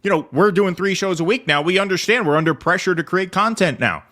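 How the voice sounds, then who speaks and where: A man's voice: high-pitched, animated, fairly quick, sharp tone. A man co-hosting a political podcast who rants in an exasperated, sarcastic way. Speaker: podcast co-host. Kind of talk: political commentary chat.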